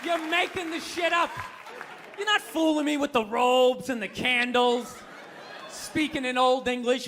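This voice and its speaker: A man's voice: extremely high pitch, unhurried, pushed and bright, some chatter behind, slight background noise. A man doing a stand-up comedy routine on stage, ranting in an exasperated, profane way. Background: audience laughter.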